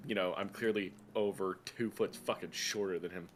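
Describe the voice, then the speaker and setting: A man's voice: low-pitched, fairly even intonation, normal speed, a little hiss or hum. A man playing a tabletop game, joking around casually with plenty of swearing. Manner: joking, profane. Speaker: player.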